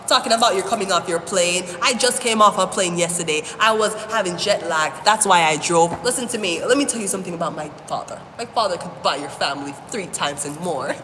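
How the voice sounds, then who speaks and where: A woman's voice: on the low side, a little fast, hardly any pauses, a bit bright, natural voice. A woman voicing an arrogant spoiled rich young adult who keeps bragging about their father, bickering in a haughty, indignant way. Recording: echoey room with long reverb, faint hiss.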